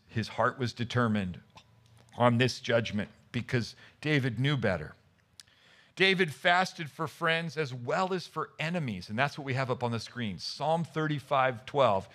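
Pendeta pria bersuara cerah dan animatif. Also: male voice, medium pitch. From United States. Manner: animated storytelling, acting out the Bible characters' voices. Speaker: pastor. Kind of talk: sermon.

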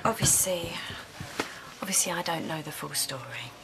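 A woman's voice: sits low, moderate pace. An actress playing a protective mother in a television soap, confronting another adult bluntly. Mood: confrontational. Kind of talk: soap opera acting. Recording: loud background noise.

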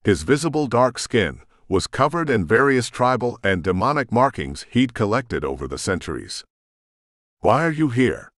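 Deep-voiced man narrating an audiobook. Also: big pitch swings, moderate pace, hardly any pauses, a bit bright, dry recording, clean studio sound. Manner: dramatic, brooding. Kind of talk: first-person audiobook narration.

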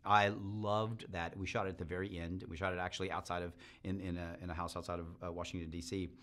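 A man's voice: sits low, little pitch movement, fast, fairly bright tone. A man giving a promotional interview soundbite as a film producer, talking with enthusiasm and acting out quoted lines.

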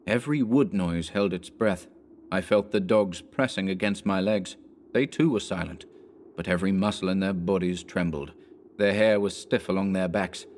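A man narrating a horror story as an audiobook, in a measured, dramatic way. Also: sits low, darkish tone, a little hiss or hum.

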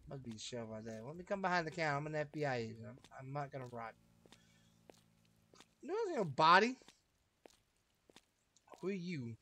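A man giving joking, slangy commentary over a game, laughing often and swinging between loud outbursts and mutters. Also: a little high, big pitch swings, fairly quick, long pauses, a little hiss or hum. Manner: goofy, slangy, laughs a lot, jumps loud and quiet. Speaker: gaming streamer.

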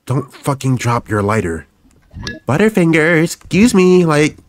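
A man's voice: on the high side, big pitch swings, measured pace, slight background noise. A young man giving panicky, joking commentary on a horror game, repeating lines over and over and swearing. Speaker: gaming YouTuber.

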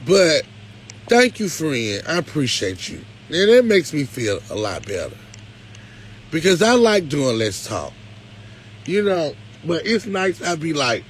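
A man hosting a live stream, talking casually, pleading one moment and loudly complaining the next. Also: fairly high pitch, unhurried, a little hiss or hum. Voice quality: animated, swings from pleading to loud complaint. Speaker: live show host.

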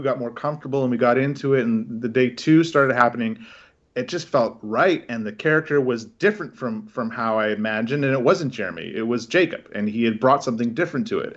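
A man's voice: mid-range voice, highs cut off. A man with a Canadian accent, a film director, talking casually in an interview and rambling with many restarts.

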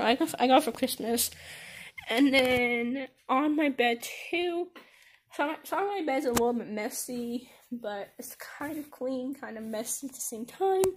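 A woman's voice: sits high, slight background noise. A teenage girl giving a casual tour of her bedroom, rambling with lots of fillers and restarts, recorded on a handheld phone camera. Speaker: vlogger.

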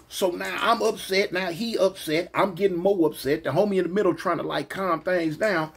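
A man casually telling a personal story to his viewers, animated and full of slang, often asking "you know what I'm saying". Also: sits high, fairly quick, few pauses, husky.

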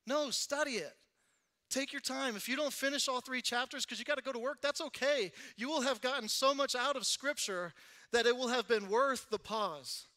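High bright-voiced young pastor. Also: male voice, normal speed. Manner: conversational and animated, laughing at himself. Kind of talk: recovery-meeting sermon. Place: church.

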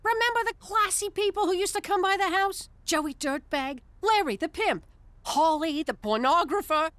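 A fiery middle-aged Brooklyn mob wife in a cartoon, with a very high, piercing voice and a Brooklyn accent. She is brassy and nags hard, and she swings her pitch up and down as she scolds. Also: lively intonation, a bit bright, dry recording. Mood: wistful. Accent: New York (Brooklyn). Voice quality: brassy, nagging, quick to scream. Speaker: voice actor. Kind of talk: animated sitcom acting.

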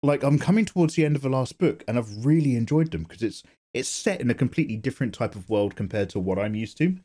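A man's voice: medium pitch, expressive, fast, dark tone. A man hosting his own art channel, reading viewer comments in casual chat while drawing, playful and self-mocking. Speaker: artist and channel host.

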